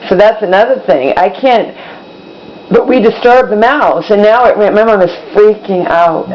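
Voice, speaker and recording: A woman's voice: medium pitch, normal speed. A woman talking to the camera in a rambling, exasperated way, repeating herself as she goes, in her kitchen at home. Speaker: vlogger. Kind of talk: casual vlog monologue. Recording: slightly dull, faint background hum.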